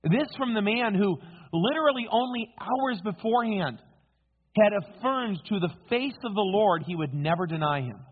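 A man's voice: sits high, animated, moderate pace, breathy edge. A male preacher giving a sermon, telling the story dramatically and posing rhetorical questions to his listeners. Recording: tinny phone-like sound.

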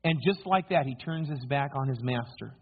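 A man's voice: medium pitch, moderate pace, breathy edge. A male preacher giving a sermon, telling the story dramatically and posing rhetorical questions to his listeners. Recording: tinny phone-like sound.

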